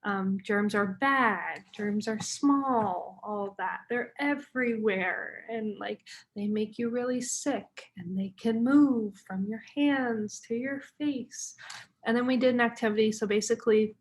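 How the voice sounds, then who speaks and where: A woman's voice: on the high side, a little slow, darkish tone. A young woman in her twenties, an English teacher, talking casually about her classes with lots of fillers and easy laughs. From United States. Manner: chatty, many fillers, laughs often. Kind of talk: casual vlog narration.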